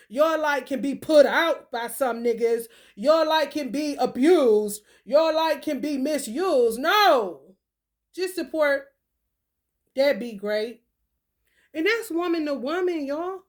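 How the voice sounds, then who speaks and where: A woman's voice: high voice, expressive, slow. A woman hosting a casual livestream and reading oracle cards. She swears freely, laughs often and talks straight to her viewers.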